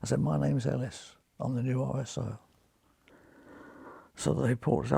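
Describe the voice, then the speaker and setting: A man's voice: mid-range voice, normal speed, creaky, pauses often, breathy edge, no echo. A British man in his nineties, a retired surgeon, telling anecdotes as an interview guest and acting out the voices in his stories. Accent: British English. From Britain. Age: 90s. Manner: lively raconteur, acts out quoted voices, chuckles.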